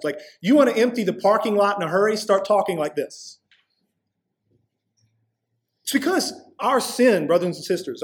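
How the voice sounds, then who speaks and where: A man pastor preaching a sermon in a conversational way, slowing down to stress key lines. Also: sits high. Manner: conversational preaching, slows for emphasis.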